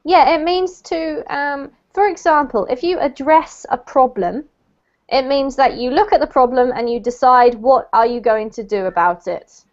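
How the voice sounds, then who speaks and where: A woman's voice: sits high, moderate pace, dull audio. A woman teaching an online English class, explaining words patiently and correcting pronunciation.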